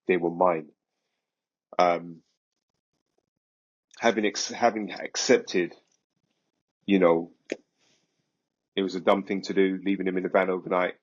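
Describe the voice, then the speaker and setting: A man, a podcast guest, recounting a story in a vivid, animated way. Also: low-pitched, highs cut off. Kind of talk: casual storytelling.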